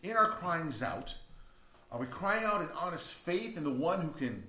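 A man's voice: a little high, very animated, moderate pace, sharp tone. A man preaching a sermon in a conversational way, with frequent restarts and rising outcries. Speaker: pastor. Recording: echoey, dull lo-fi church recording.

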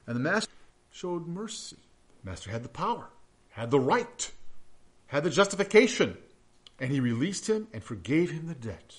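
Male pastor, slightly high voice with lively swings, reading scripture with hushed asides. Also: moderate pace.

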